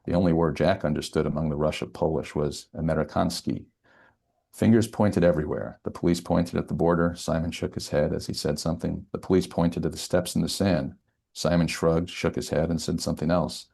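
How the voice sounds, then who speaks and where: Very deep, gravelly male author reading. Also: little pitch movement, brisk, mellow. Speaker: novelist. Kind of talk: author reading his own novel aloud.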